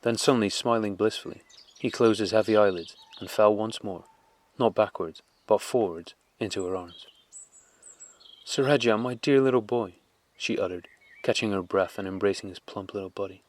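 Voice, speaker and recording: A man narrating a classic novel as an audiobook in a measured, calm, unhurried way. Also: fairly low pitch.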